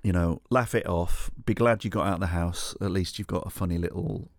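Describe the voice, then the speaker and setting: A man's voice: sits low, fairly even intonation, brisk, vocal fry, dry recording. A middle-aged man hosting a solo podcast, telling a rambling, sweary, self-mocking story. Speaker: podcast host.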